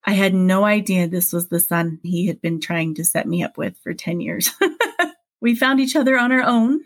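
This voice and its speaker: A woman guest on a podcast interview, telling a personal story in a lively way, acting out the dialogue and laughing often. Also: fairly low pitch, moderate pace.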